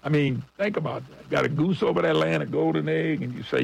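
A man's voice: medium pitch, quick pace, gravelly, few pauses, husky, low-quality recording. A middle-aged man hosting a radio talk show, talking in a blunt, folksy and combative way and calling his listeners folks. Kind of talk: opinionated radio monologue.

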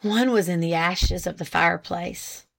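A woman's voice: on the low side, measured pace, vocal fry. A woman voicing a reluctant older male witness who gives short, grudging answers.

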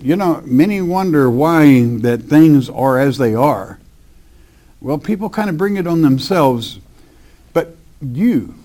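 A man teaching the Bible verse by verse, reading scripture slowly with emphasis and then explaining it in plain, folksy talk. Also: medium pitch, mellow.

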